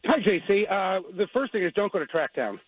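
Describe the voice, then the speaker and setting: A man's voice: sits high, very animated, brisk, noisy background. A man calling in to a radio show, giving local tips in a joking, playful way. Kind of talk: casual radio call-in.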